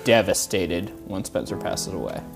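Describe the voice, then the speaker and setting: A woman co-hosting a podcast in casual chat, candid and quick to laugh, repeating herself as she thinks. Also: very deep voice, sing-song, vocal fry, over music. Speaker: podcast co-host.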